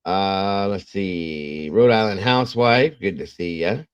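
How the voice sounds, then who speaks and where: Low-voiced guy rambling through a story on a stream, dry dull lo-fi sound. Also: slow pace, smooth, dry recording. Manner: rambling, animated storyteller acting out quotes. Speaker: true crime livestream host. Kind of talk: casual storytelling livestream.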